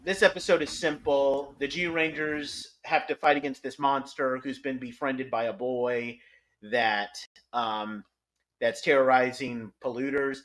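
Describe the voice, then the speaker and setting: A man hosting a podcast, talking through episodes in a casual, animated way, rambling with frequent restarts. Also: medium pitch, a little slow. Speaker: podcast host. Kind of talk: casual review chat.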